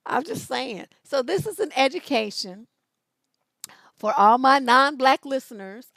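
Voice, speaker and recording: A woman in her fifties hosting an advice show, telling stories bluntly with loud, profane emphasis. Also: high voice, expressive, a little slow, creaky, no room sound. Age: 50s.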